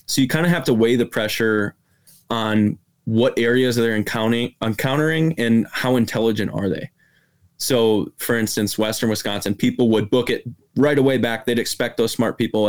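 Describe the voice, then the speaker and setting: A man, a guest hunter in a casual podcast interview, explaining his approach step by step. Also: fairly low pitch.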